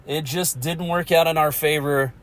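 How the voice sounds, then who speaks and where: A man talks loosely through a solo podcast, rambling and chuckling at his own ideas. His voice sits a little high for a man, and his tone is self-mocking. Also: steady tone, normal speed, a bit bright. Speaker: podcast host. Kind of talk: casual solo podcast monologue.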